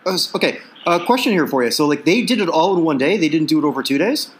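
A man's voice: fairly high pitch, animated, quick pace, slight background noise. A Canadian man hosting a casual sports talk show, chatty and full of questions and fillers. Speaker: sports podcast host.

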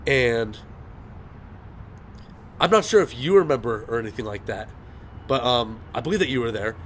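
A young male podcast host chatting casually, rambling through a story with a steady stream of "and everything". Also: medium pitch, moderate pace, slight background noise. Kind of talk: casual chat.

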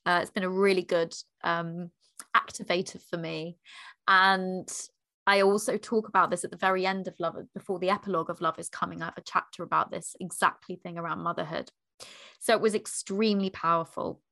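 A woman author telling a candid personal story in an animated way, laughing and acting out what people said. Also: fairly low pitch, a little fast, gravelly.

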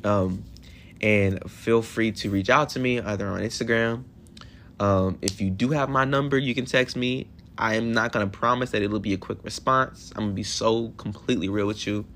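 A man in his twenties hosting a solo podcast in a hotel room, talking in an emotional, affirming way with animated bursts. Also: fairly low pitch, moderate pace, a little hiss or hum. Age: 20s. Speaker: podcast host.

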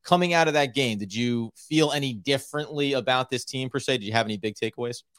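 Playful sports podcast host, dry mic. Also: male voice, mid-range voice, quick pace, fairly bright tone, no echo. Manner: playful, mock-grandiose banter. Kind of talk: casual sports podcast chat.

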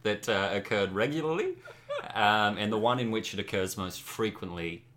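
Lower-pitched bright man. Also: moderate pace. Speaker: podcast co-host. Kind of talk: casual chat.

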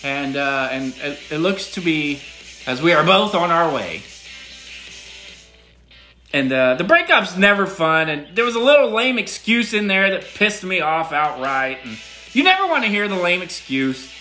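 A middle-aged man sending a casual, rambling voice message to a show, talking in an animated, emphatic way and repeating words for effect. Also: a little high, a little slow, faint music behind.

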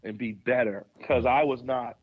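A young adult man, a pastor, telling a personal story in a podcast interview with a lively, animated delivery and frequent laughs. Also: moderate pace, no room sound, narrow, tinny audio. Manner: animated storyteller, swings pitch high for quoted voices, laughs often.

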